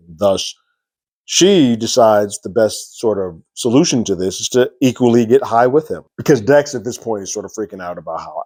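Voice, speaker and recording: Deep-voiced man recapping a TV episode. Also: animated, normal speed, a little mellow, no room sound. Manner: rambling, many "sort of" and "like" fillers. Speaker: TV reviewer.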